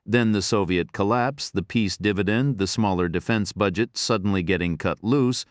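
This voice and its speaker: Deep-voiced man narrating an audiobook. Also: normal speed, no room sound, studio quality. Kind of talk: scripted first-person audiobook narration.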